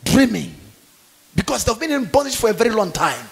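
High-pitched, animated preacher. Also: male voice, brisk, gravelly. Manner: fervent preaching with call-and-response questions. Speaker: pastor. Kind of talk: sermon. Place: church conference.

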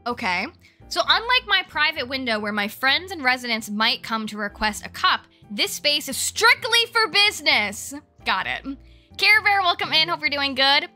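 A woman's voice: sits high, big pitch swings, normal speed, bright, forceful tone, soft background music. A young woman streaming a cozy game, chatting nonstop and giggling. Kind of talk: casual live-stream chat.

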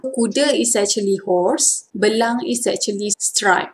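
A woman from Malaysia with a Malaysian accent, teaching vocabulary and saying each word slowly and carefully, again and again. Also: medium pitch, animated, a little hiss or hum. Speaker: language teacher. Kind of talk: vocabulary lesson with repeated words.

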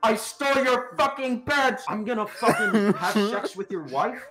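A man voicing a shouting cursed insult tape. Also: fairly high pitch, steady tone, moderate pace, over music, pitched above the performer's own voice, close to an everyday voice. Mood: taunting. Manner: yelling repetitive crude taunts. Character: insulting cursed cassette tape, crude and gleeful.

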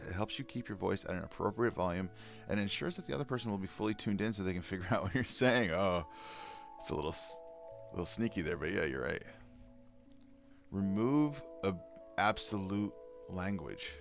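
A man with a very deep voice reads self-help tips aloud, then breaks off into frank, casual commentary between them. Soft music plays faintly in the background. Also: creaky. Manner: reads advice aloud then comments candidly, with sighs and laughs. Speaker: vlogger. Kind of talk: casual self-help video reading and reacting.

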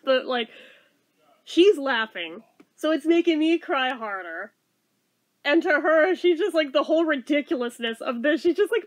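A woman's voice: sits high, animated, moderate pace. A woman telling a storytime vlog in a casual way, swearing and laughing to the point of tears. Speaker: vlogger.

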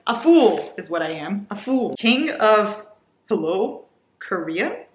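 Gushing, excitable woman in an echoey room. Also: mid-range voice, slow pace, slight background noise. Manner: gushing and excitable, swinging between loud squeals and soft asides. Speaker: book vlogger. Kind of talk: casual book haul vlog.

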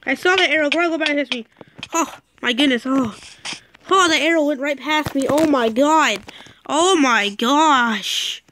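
A woman giving casual, excitable commentary while playing a game, with dramatic outbursts and mock sulking. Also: high-pitched, normal speed, a little hiss or hum. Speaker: gameplay commentator.

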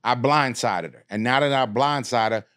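A man's voice: medium pitch, normal speed, clean tone. A middle-aged man, telling a story in a casual podcast chat, streetwise and profane. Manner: animated, streetwise storytelling with swearing. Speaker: podcast guest.

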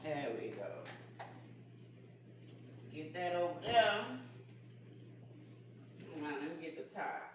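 A woman in a casual home remedy vlog, chatty and folksy, calling viewers baby and y'all, slowing down whenever she reads from her notes. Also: sits low, sing-song, noisy background. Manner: slows down when reading from notes. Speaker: holistic healer vlogger. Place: home kitchen and backyard garden.

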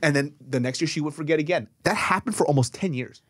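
A male podcast co-host in casual chat, telling animated stories with swearing and laughter. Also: a little high, fast, slightly rough, no echo, studio quality. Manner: animated storyteller, swears, laughs mid-sentence.

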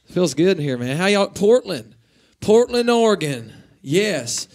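Between songs in a radio station lounge, a young country singer from Northeast Georgia, USA, jokes around easygoingly in his Southern accent, rambling as he goes. His high voice swings widely in pitch, with a measured pace and a slightly mellow quality.

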